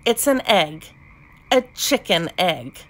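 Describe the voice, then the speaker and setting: A woman's voice: mid-range voice, sing-song, slow, fairly bright tone, exaggerated voice. A woman voicing a know-it-all female frog in a storybook read-aloud, matter-of-fact and self-assured. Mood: smug.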